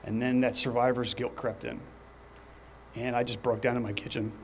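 A man in his thirties giving a fire department training talk, telling personal stories in an earnest way, with pauses and restarts. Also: medium pitch, flat delivery, slight background noise. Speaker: fire department lieutenant presenter. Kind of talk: training presentation.

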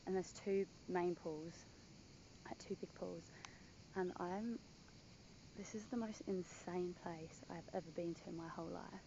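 A young woman chatting excitedly in a casual travel vlog outdoors at a villa, gushing and full of "like". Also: fairly low pitch, measured pace, highs cut off, noisy background. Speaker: vlogger.

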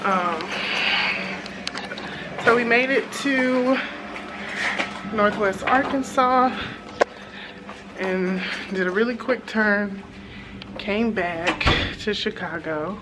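A woman, chatting casually to viewers as a flight attendant vlogger and telling a story with animated asides. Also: medium pitch, drawn-out words, long pauses, heavy background noise. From Texas. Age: 30s. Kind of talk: casual vlog chat. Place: hotel hallway and room. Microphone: handheld compact camera.

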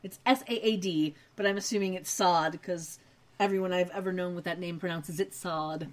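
A woman's voice: fairly low pitch, fairly even intonation, normal speed. A woman co-hosting a podcast, recapping a TV episode in casual chat with wry asides. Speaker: podcast co-host.

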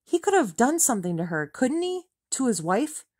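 A woman's voice: a little high, sing-song, moderate pace, darkish tone, no room sound, studio quality, voice pushed up. A woman reading an audiobook, voicing an angry, exasperated man who snaps at his ex-wife. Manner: furious, exasperated, snapping.

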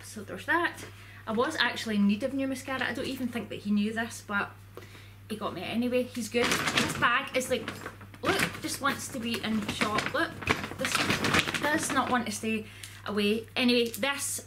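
A woman's voice: fairly high pitch, background noise. A woman vlogger chatting casually to camera in a rambling way, full of "like"s.

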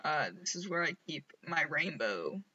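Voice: medium pitch, very animated, measured pace, pushed and bright, breathy edge, muffled recording. A streamer rambling casually over gameplay, mumbling to themself and poking fun at themself, on a headset mic. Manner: self-mocking.

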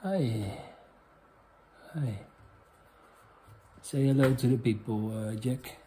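A man with a Dutch accent, a native Dutch speaker, hosting a comedy vlog and reading out viewer questions in a crude, rambling, halting way. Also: medium pitch, mellow, slight background noise. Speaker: host.

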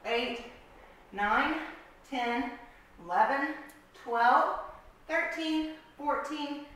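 A woman's voice: high voice, a bit bright. A woman fitness coach guiding a workout class, counting reps aloud and giving encouraging cues. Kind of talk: guided workout instruction. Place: fitness studio. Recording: echoey room, voice from far off.

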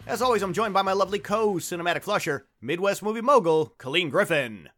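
Man, podcast host, jokey, loud laughs, high lively voice. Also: quick pace. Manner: jokey, laughs loudly, shouts names. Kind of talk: comedic podcast hosting.

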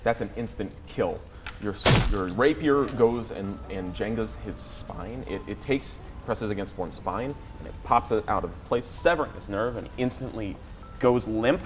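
A man's voice: lowish voice, unhurried, background noise. A young man narrating a tabletop game as game master, describing scenes with dramatic flair and frequent restarts.

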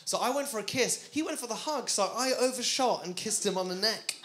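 A man doing a stand-up routine, telling stories animatedly, laughing and switching between loud bursts and hushed asides. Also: high-pitched, brisk, very noisy. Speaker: stand-up comedian. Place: live comedy stage.

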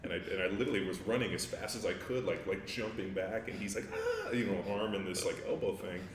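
Very deep-voiced man, laid-back and rambling. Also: fairly even intonation, quick pace, crowd noise. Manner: laid-back, rambling, with many fillers and profanity. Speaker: guest, former NFL offensive lineman. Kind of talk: casual interview chat. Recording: roomy, distant mic with faint ambience.

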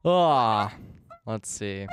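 A man's voice: fairly low pitch, animated, very slow, noisy background. A man streaming a video game, chatting casually with friends in a joking, teasing way and swearing freely. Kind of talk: casual gaming chat.

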